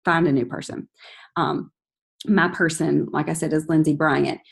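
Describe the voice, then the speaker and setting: A woman leading a team call, giving energetic, coaching advice in a casual motivational talk, sometimes acting out chatty friendly messages. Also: normal speed, gravelly. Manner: energetic, coaching, acts out chatty quotes in a higher voice. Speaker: team leader giving sales tips.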